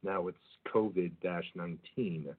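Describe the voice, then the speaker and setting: A man hosting an internet talk radio show, reading headlines in a halting monologue full of fillers. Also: low voice, fairly even intonation, breathy edge. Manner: halting, many fillers and restarts. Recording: phone-like lo-fi clip.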